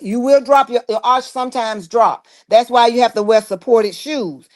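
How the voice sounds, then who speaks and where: A woman hosts a relaxed livestream and reads her viewers' comments aloud one by one. She drawls along in a chatty manner and answers each one. Her voice sits at a medium pitch. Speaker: livestream host reading chat. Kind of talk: casual live chat.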